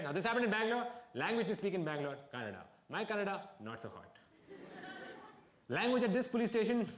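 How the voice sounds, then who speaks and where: Man, stand-up comedian, dry self-mocking storytelling, slightly high voice, echoey venue with audience laughter. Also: slight background noise.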